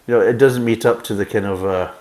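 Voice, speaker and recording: A man's voice: fairly low pitch, fairly even intonation, quick pace, darkish tone. A Scottish man reviewing a beer in casual chat, sarcastic and blunt, reading the label aloud and mocking it. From Scotland.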